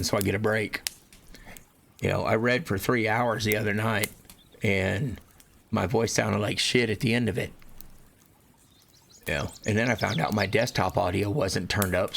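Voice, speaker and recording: Gravelly amateur storyteller man. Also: on the low side, fairly bright tone, a little hiss or hum. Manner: loose, swears casually, stammers and repeats words. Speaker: author reading his own audiobook. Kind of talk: casual, unscripted intro then book narration. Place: home recording setup, desktop audio. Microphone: desktop microphone.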